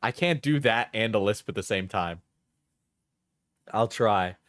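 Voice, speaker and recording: Male streamer, sarcastic and laughing a lot; lively pitch, dry close mic. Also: unhurried, dry recording. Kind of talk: casual commentary.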